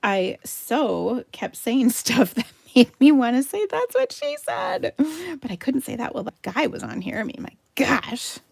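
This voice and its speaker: A chatty, giggly American woman hosting a live card-making demo, talking to viewers and murmuring softly while she works. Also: on the high side, moderate pace, gravelly, husky, dry recording. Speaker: craft livestream host.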